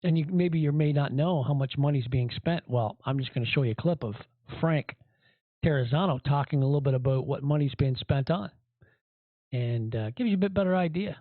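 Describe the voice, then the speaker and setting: A man's voice: a little high, a little fast, no room sound. A man hosting a podcast, giving rambling, indignant commentary with many fillers. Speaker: podcast host. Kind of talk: casual commentary. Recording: tinny phone-like audio.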